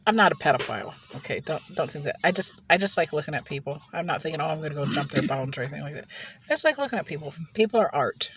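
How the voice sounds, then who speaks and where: A low-pitched, animated woman speaks very fast against background noise. She's a mukbang vlogger eating in her car, laughing often as she tells long, wandering, gossipy stories.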